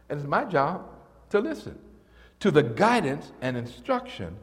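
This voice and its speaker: An older man preaching a sermon and telling stories, swinging from soft and low to high and loud when excited. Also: unhurried, long pauses. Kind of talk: sermon with storytelling. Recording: reverberant church hall.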